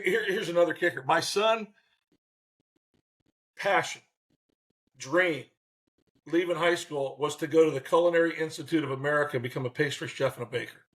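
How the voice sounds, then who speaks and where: A man in his sixties, a former baseball manager, telling lively stories as an interview guest and acting out what people said. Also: on the high side. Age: 60s. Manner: animated, acts out quotes in voices. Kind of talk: storytelling in a faith interview.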